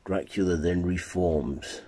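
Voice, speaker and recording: Slow, deep-voiced male storyteller. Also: dark tone, breathy edge. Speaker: narrator. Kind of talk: amateur fan-fiction reading.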